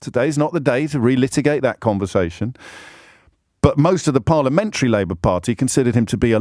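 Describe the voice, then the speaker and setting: A man's voice: mid-range voice, a little mellow, no room sound. A man hosting a phone-in radio show from a studio, talking in a sardonic, mocking way with frequent asides. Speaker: radio talk show host. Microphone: studio microphone.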